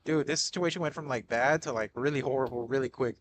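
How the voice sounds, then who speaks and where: Excitable young man swearing over a game. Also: mid-range voice, background noise. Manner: excitable, swears a lot, frequent "bro" and "dude"; panicky outbursts and rapid repeated shouts. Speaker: gaming streamer. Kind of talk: live gameplay commentary.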